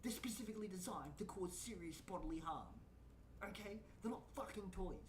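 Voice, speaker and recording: A woman's voice: mid-range voice, lively intonation, brisk, roomy sound, distant mic, slight background noise. A woman VTuber streamer giving blunt, profane reaction commentary and ranting at what she watches.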